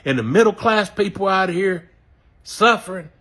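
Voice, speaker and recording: A man's voice: high-pitched, animated, normal speed, a bit bright. A man with a Southern American accent ranting angrily and cursing often, apologizing now and then for his language. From Southern United States. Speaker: voter sharing his view. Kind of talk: angry personal rant.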